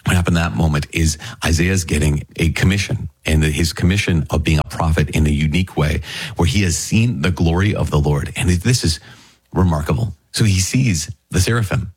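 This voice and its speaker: A man with a very low, husky voice explains scripture in an easy, conversational way. He sounds earnest and eager, talking straight to his listeners as a Bible teacher. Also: fairly quick. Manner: earnest, enthusiastic, addresses listeners directly.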